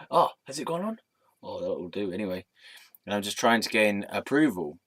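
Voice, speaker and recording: A man's voice: lowish voice, very animated, normal speed, a bit bright, no room sound. A young man telling rambling, silly stories to his camera, giggling often and slipping into put-on voices. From England. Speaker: vlogger. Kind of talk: rambling casual vlog storytelling.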